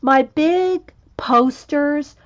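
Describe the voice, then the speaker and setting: A woman's voice: sits high, very slow, dull audio. A middle-aged woman hosting an art channel, rambling in casual livestream chat with many restarts. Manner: rambling, chatty, restarts often. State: has the hiccups.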